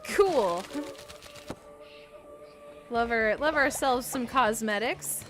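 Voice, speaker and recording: A woman's voice: high voice, measured pace. A woman streaming a game, chatting with viewers and yelping and swearing when things go wrong. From Canada. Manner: excitable, yelps and swears at the game. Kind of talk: live gameplay commentary. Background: game music.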